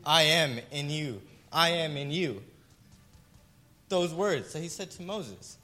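A man shares an earnest, emotional testimony in a bright, forward voice. His pitch sits a little high for a man. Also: lively intonation, slow pace. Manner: emotional, earnest, tag questions. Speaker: guest giving testimony. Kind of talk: personal testimony.

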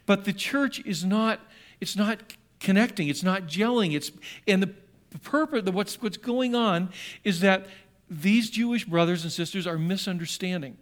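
A middle-aged man with a fairly high voice preaches to his congregation. He talks loosely, circling back and restarting his sentences, with wry asides as he works through the scripture. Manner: rambling and self-correcting, with wry asides. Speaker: pastor. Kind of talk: sermon.

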